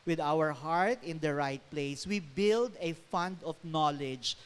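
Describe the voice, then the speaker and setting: A man's voice: a little high, slow, smooth. A middle-aged man with a Filipino accent giving a chatty speech to college faculty as a guest speaker, often asking the audience questions and laughing between phrases. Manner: chatty, switches between English and Tagalog, asks the audience often. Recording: echoey hall reverb.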